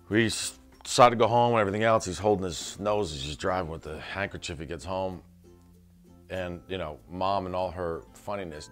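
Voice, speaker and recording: A middle-aged man telling a casual family anecdote, acting out quotes and laughing as he goes. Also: low-pitched. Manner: animated storyteller who acts out quotes and laughs. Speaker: son telling a family story.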